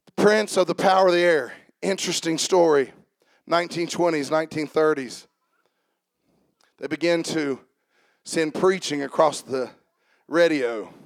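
A man preaching a sermon in a church, talking fast and building to shouted climaxes. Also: a little high, no echo, studio quality. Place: church sanctuary.

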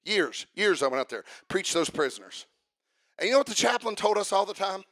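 Preacher guy, real high gravelly voice, bright and sharp, gets fired up and shouts, dry sound. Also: sing-song, a little fast, dry recording. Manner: fervent, builds to shouting and sing-song chanting. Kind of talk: sermon.

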